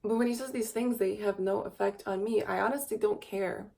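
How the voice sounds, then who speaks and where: A woman's voice: fairly even intonation, a little fast, creaky, mellow. A young woman in her twenties, tired, talking in a rambling, wistful confessional vlog to a camera mic. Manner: rambling and wistful, coos in a high baby voice. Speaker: vlogger.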